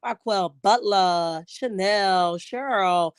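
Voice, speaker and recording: A woman's voice: mid-range voice, slow pace, smooth, no echo, studio quality. Sassy woman hosting a live chat. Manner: sassy, keeps saying "honey", reads chat aloud. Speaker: livestream host. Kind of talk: casual live-chat gossip.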